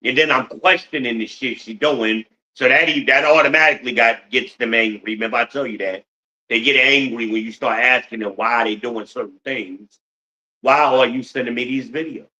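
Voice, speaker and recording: Bright-voiced man ranting on a podcast. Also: mid-range voice, normal speed, rough recording. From United States. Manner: blunt, profane, rhetorical questions to the audience. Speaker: podcast host. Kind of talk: profane ranting monologue.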